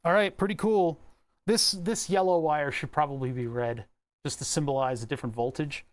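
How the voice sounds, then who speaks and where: Young male hobbyist, slightly high voice, rambling and self-talking as he works. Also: steady tone, normal speed. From Delaware County area, Pennsylvania. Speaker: electronics hobbyist vlogger. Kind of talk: casual talk while working.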